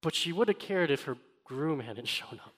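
Younger guy pastor, high voice, chatty storytelling sermon, gets fired up on the big points. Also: normal speed. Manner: conversational, animated storytelling with rising emphasis.

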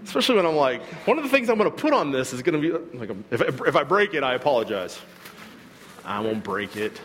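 Animated man preaching in an echoey hall. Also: medium pitch, a little fast. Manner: animated, acts out quoted voices and jokes with the congregation. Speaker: pastor. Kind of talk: sermon. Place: church hall.

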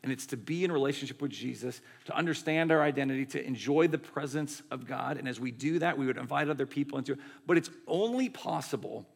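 A man delivers a sermon in a loose, chatty preaching style. His voice carries a gravelly edge at a mid pitch. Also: fast talker, hardly any pauses. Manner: conversational, animated preaching with many "like" and "right". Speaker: pastor.

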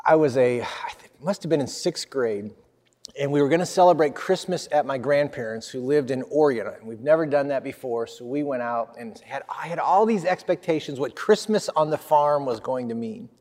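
A man in his fifties, a pastor, telling a personal story in a sermon with lively swings of energy. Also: mid-range voice, normal speed, in a large hall.

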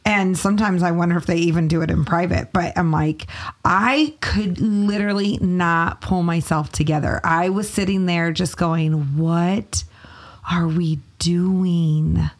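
Woman, middle-aged, husky, lowish voice, teasing co-host. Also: moderate pace. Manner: teasing, wry interjections. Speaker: podcast co-host, pastor's wife. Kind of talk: casual chat.

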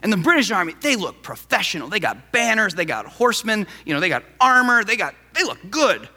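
Brief: male pastor, lively, high-pitched, chatty sermon in a reverberant church. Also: a little fast. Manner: animated, conversational preaching.

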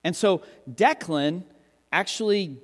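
A man in his thirties, a pastor giving a lively, joking sermon and acting out quotes. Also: takes it slowly. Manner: animated, joking, acts out quotes with big pitch jumps. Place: church hall with long reverb. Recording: reverberant hall, live sermon.

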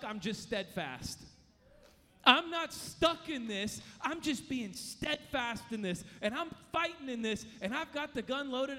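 A man in his thirties preaching a sermon with passion, swinging between loud bursts and hushed lines. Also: high voice. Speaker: pastor. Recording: long hall reverb.

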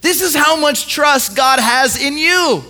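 A young man with a high, bright voice gives a sermon as a story, putting on the voices of the people in it. He often repeats his words as he goes, and his tone stays clear and ringing. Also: takes it slowly, faint music behind. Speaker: preacher.

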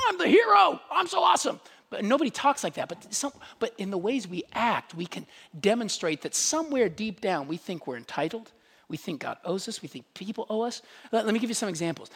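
Animated preacher with a lively, swooping voice. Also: big-room sound. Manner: animated, conversational preaching with wide swings in pitch and loudness; emphatic, with rhetorical questions and quick asides. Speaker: pastor. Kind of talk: sermon.

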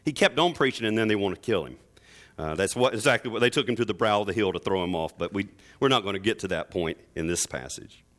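Lively-voiced male preacher. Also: on the low side, quick pace. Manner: expressive preaching, swings between soft and emphatic. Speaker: pastor. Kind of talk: sermon.

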